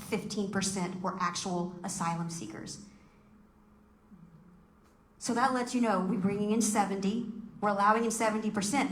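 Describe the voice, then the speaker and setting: A woman's voice: mid-range voice, fairly bright tone. Woman riling up a political meeting, punchy rhetorical questions, roomy echo. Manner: fiery, emphatic, rhetorical questions. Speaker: political speaker. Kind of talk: speech to a political group. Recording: echoey room.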